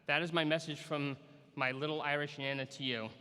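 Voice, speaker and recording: A man's voice: on the high side, fairly even intonation, a little fast, sharp tone, clear, resonant tone, long reverb tail. A man, a school superintendent, giving a commencement speech outdoors and telling a story with self-deprecating humor. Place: outdoor graduation on a school field.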